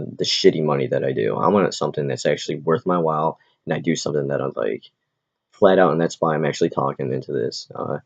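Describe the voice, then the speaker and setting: A man who is an aspiring comedian, ranting in a rambling, profane, quick-tempered way as he vlogs in a big city. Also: rumbling low, a little mellow. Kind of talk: casual rambling rant. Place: big city, in or near Manhattan. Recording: dull lo-fi recording.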